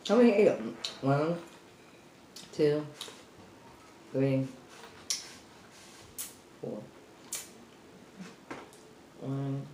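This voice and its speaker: Mukbang host woman, slow chatty talk between bites, a bit out of breath, echoey room, faint hiss behind. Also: a bass voice, lively intonation, warm tone. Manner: chatty, addresses viewers as y'all, eats between lines. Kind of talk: casual eating show chat.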